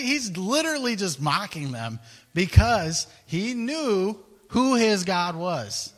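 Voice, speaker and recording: A man preaching a sermon, retelling scripture in an animated storytelling way and laughing often. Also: sits high, takes it slowly, in a large hall.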